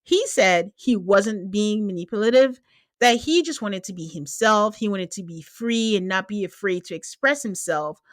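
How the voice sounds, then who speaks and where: A woman hosting a podcast, recapping a reality show in casual, animated chat, laughing and mimicking people as she quotes them. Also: mid-range voice, normal speed, no room sound. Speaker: podcast host.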